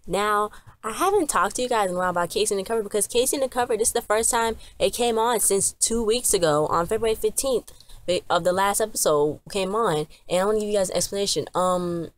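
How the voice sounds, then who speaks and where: A woman's voice: medium pitch, quick pace. A woman chatting casually to camera as she recaps a TV episode, rambling along with lots of fillers and "she was like" retellings. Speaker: TV episode reviewer.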